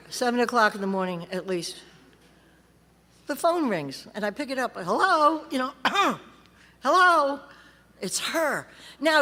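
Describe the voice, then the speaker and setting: A woman's voice: high-pitched, bright, forceful tone. Blunt, wry woman telling her story. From California. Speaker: recovery meeting speaker. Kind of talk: personal story told to a convention audience. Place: large convention hall. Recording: reverberant convention hall.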